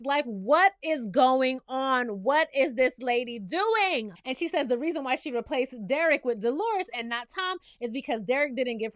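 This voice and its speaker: A woman recapping and reviewing a reality TV episode in a sassy, animated way, talking straight to the viewer. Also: high-pitched, no echo, clean studio sound.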